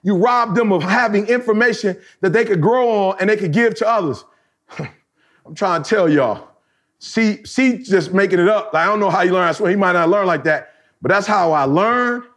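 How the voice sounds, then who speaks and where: A man's voice: high-pitched, fairly quick, fairly bright tone. A man co-hosting a podcast in casual chat, colloquial and emphatic, laughing through stories and hammering points home by repeating phrases. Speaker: podcast co-host.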